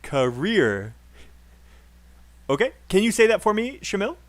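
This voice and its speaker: A man's voice: high-pitched, big pitch swings, measured pace. A man teaching English pronunciation in a live online class, encouraging and laughing often as he corrects students.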